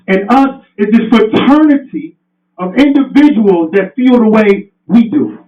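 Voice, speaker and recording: A passionate, fiery man gives a motivational speech in a very high voice. He sounds far from the mic in a roomy space, and the sound is dull and muffled. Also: a little fast, darkish tone. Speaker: motivational speaker. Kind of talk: motivational speech to a live audience. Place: event room indoors.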